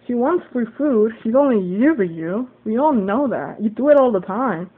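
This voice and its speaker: A woman rants into her phone, heated and loose with swear words as she replays an argument. Her voice sits fairly high. The sound is thin and phone-like, with a faint hiss underneath. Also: animated, normal speed. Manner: heated, swearing, acts out both sides of an argument. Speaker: vlogger. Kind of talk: casual venting story.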